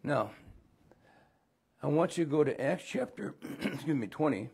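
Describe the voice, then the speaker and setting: Gravelly, husky-voiced man teaching Bible. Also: on the high side, expressive, normal speed, darkish tone. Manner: rambling, folksy asides and restarts. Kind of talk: conversational Bible lesson.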